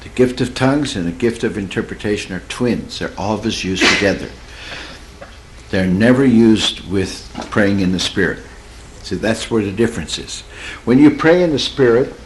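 Male preacher, animated pitch, folksy teaching sermon with a faint hiss of room noise behind him. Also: poor audio. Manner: conversational, folksy, laughs at own stories; drawls and slows for emphasis, swoops in pitch.

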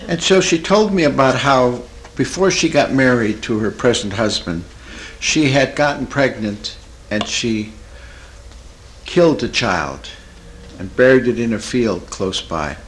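A man's voice: mid-range voice, measured pace, slight background noise, rough recording. A Christian therapist, a man, tells a story from his practice in a folksy, earnest way. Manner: folksy, earnest, animated retelling. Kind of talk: storytelling talk.

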